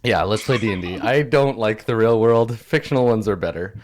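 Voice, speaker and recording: A man's voice: fairly low pitch, fairly quick. A man acting as game master, joking and laughing easily as he chats with his players over a call. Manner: joking, easygoing, laughs often. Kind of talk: casual banter before a tabletop game.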